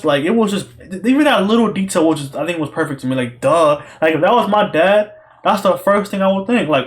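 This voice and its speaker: A young man giving an excited, profane, rambling solo review, like a podcast host talking straight to his viewers. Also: high voice, a little fast. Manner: excited, profane, repetitive slang-heavy talk.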